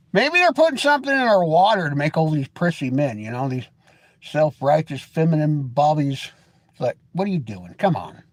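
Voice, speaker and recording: A man's voice: fairly high pitch, big pitch swings, moderate pace, no echo. A middle-aged man hosting a live stream, chatting loosely with folksy, opinionated ranting. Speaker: livestream host. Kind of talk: rambling live stream chat.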